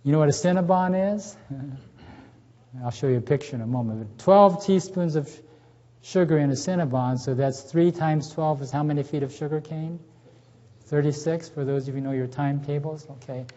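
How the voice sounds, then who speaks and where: A man's voice: fairly high pitch, normal speed, mellow. A middle-aged man giving a health seminar at a church, chatty and folksy, quizzing the audience and telling jokes. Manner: folksy, asks the audience questions, tells jokes. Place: church hall with a live audience. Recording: dull lo-fi recording in a reverberant hall.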